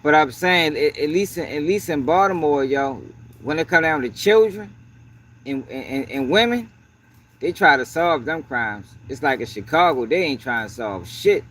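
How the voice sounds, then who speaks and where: Profane, slightly high-voiced male streamer. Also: animated, normal speed, a bit bright, slight background noise. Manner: profane, peppers talk with "yo"; greets chat between points. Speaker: livestream host. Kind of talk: casual livestream commentary.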